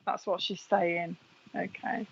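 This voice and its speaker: A woman's voice: mid-range voice, steady tone, slow pace, creaky, husky, highs cut off. A woman who works as a psychic medium, giving a live reading. She chats away, passes on messages to viewers by name and laughs often.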